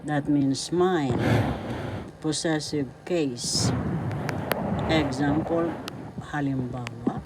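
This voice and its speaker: A woman teaching a language lesson, breaking words into syllables and repeating them slowly. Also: low voice. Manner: syllable-by-syllable pronunciation drilling, warm greetings. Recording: loud background noise, passing vehicles.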